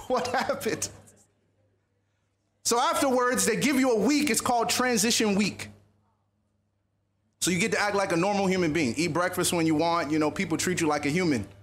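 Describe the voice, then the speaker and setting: A man speaking at a youth conference, telling a personal story in a lively, animated sermon style. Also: high voice. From USA.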